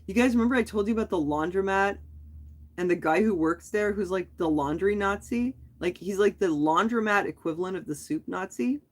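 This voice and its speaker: A woman chatting on a live stream in an easygoing, unscripted way. She rambles through her story with animation, often breaking off and starting sentences again. Her voice sits at an ordinary middle pitch for a woman. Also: fairly quick. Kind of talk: casual chat.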